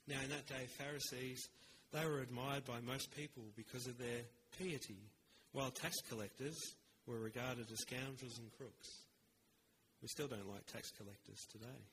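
Man preaching a measured sermon. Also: mid-range voice, fairly even intonation, a bit bright, a little hiss or hum, poor audio. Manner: earnest, measured preaching with rhetorical pauses.

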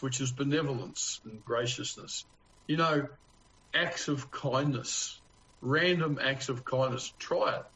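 A man's voice: mid-range voice, a bit bright. A man with an Australian accent preaching a conversational sermon as pastor, earnest and homely, with rhetorical questions to his congregation. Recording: dull, lo-fi sound.

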